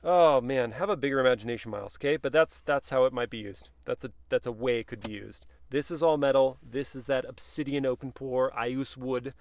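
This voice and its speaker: A man's voice: medium pitch, brisk, few pauses, dry recording. A man giving a casual, playful review from the back seat of a car, chatting and joking to himself as he goes.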